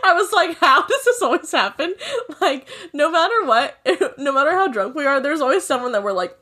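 A woman's voice: sits high, very animated, normal speed, bright, forceful tone. A young woman in casual chat, laughing and swearing as she retells a wild night.

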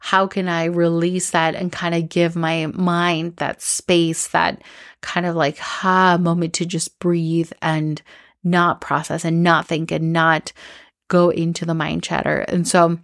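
A woman's voice: lowish voice, little pitch movement, takes it slowly, dry recording, clean studio sound. A young woman hosting a podcast, telling a personal story in a candid, rambling way with lots of "like" and restarts. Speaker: podcast host.

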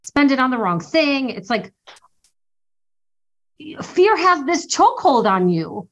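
A woman author speaking as a guest in an earnest, motivational way, sometimes acting out her own inner worries. Her voice sits slightly high. The audio sounds dull and lo-fi, like a remote call. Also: sing-song, takes it slowly, a bit bright. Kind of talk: interview conversation.

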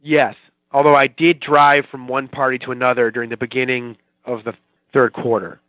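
A man's voice: mid-range voice, level tone, normal speed, no room sound. A chatty man in his forties from the Boston area, talking as a guest in a loose, rambling, self-mocking way. His voice is dry and close, but the sound is dull and muffled like a remote call. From Boston area, Watertown. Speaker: guest, TV writer. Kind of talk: casual interview chat.

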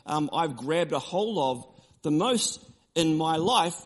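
A man preaching a sermon, emphatic and repetitive, shifting between forceful declarations and quieter storytelling. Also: a little high, lively intonation, takes it slowly. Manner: emphatic, repeats key phrases, drops to quiet storytelling. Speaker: pastor.

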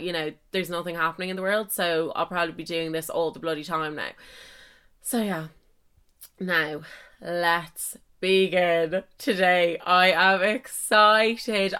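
A woman's voice: fairly low pitch, pushed and bright, clear, resonant tone. Chatty self-mocking young woman host. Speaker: podcast host. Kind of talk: casual solo podcast chat.

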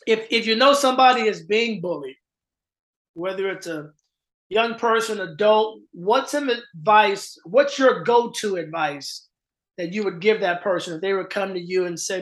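A man's voice: high-pitched, normal speed, a bit bright. A middle-aged man hosting a podcast in a casual, earnest conversation, often repeating words as he starts sentences. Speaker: podcast host.

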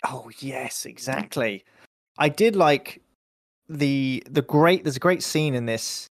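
A man's voice: mid-range voice, slow, gravelly, dry recording, studio quality. A man co-hosting a horror podcast, chatting casually and animatedly, often acting out scenes. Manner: animated, rambling, acts out scenes. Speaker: podcast co-host. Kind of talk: casual film-review chat.

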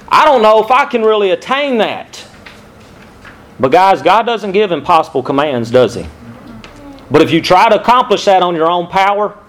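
A man's voice: medium pitch, rough recording. A man giving a sermon to men about marriage, teaching from a diagram and asking his listeners direct questions in a conversational preaching manner. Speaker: pastor.

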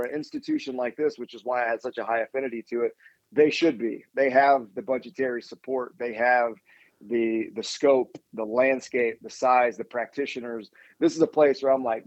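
A man's voice: medium pitch, a little mellow, no echo, lo-fi sound. A man being interviewed as a podcast guest, talking energetically in long run-on lists with frequent restarts. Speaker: assistant athletics director, guest.

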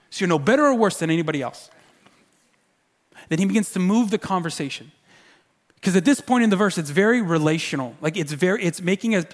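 A man preaching a sermon as pastor, conversational and animated, with pleading asides. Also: high voice.

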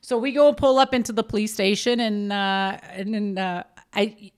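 Middle-aged mother guesting on a podcast, chatty and rambling, average pitch. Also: steady tone, normal speed. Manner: rambling, restarts, chuckling. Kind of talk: casual family chat.

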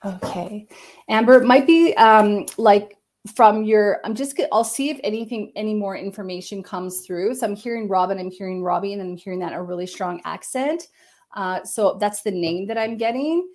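A woman medium talks gently through a live-stream psychic reading. She wanders between thoughts and leans on fillers and hedges as she goes. Her voice sits at an ordinary middle pitch, recorded on a computer. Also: normal speed.

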